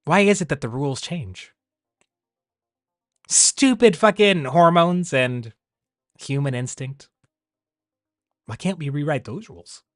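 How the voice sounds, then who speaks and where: A man's voice: on the high side, slow, long pauses, no echo, studio quality, soft background music. Rambling man, casual stream chat. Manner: rambling, animated, laughs often.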